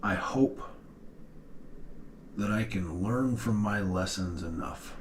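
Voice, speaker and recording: A middle-aged man with a low voice talks straight to his daughters in a heartfelt personal video message. He speaks earnestly and haltingly, often pausing and sighing. A faint hiss of noise runs underneath. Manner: earnest, halting, with long pauses and sighs. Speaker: father addressing his daughters.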